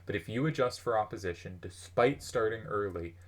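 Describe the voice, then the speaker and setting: A man's voice: on the low side, brisk. A man talking through the history of a card game's players in a casual commentary, thinking aloud with plenty of fillers. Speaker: host.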